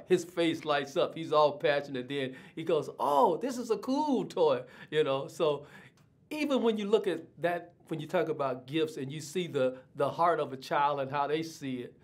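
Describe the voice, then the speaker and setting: An older man, a pastor, giving an online sermon with prayer and scripture reading, unhurried and with many fillers. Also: on the high side, steady tone. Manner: unhurried, many uh fillers, repeats words while thinking.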